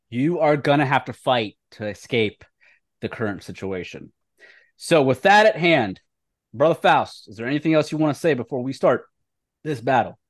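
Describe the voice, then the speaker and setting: A man runs a tabletop game in a relaxed, casual way, and his voice sits in the middle range. The mic is dry and close, with little room sound around him. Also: medium pitch, no echo. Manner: relaxed, casual, loose with fillers. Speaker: game master.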